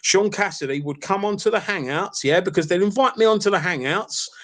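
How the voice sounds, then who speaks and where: East London bloke, high voice, insistent lecturing tone, heated online argument. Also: male voice, fairly quick, a bit bright. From England. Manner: lecturing, insistent, calls listener mate and fella. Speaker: live stream participant.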